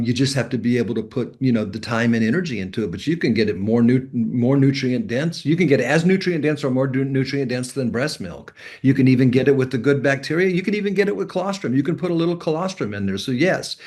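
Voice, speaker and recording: A man's voice: mid-range voice, a little mellow. Rambling man giving instructions. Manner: rambling, instructive, spells out words. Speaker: health guest. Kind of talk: casual podcast talk.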